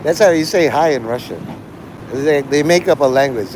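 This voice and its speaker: A man's voice: a little high, animated, moderate pace, low-quality recording. A man hosting a live stream, talking in a rambling, profane monologue that jumps between topics. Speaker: livestream host. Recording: live stream with loud street noise.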